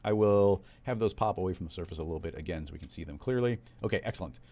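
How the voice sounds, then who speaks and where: A man walking through a software tutorial in a relaxed, conversational step-by-step way. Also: deep voice, rapid-fire. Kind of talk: screen-recorded software tutorial.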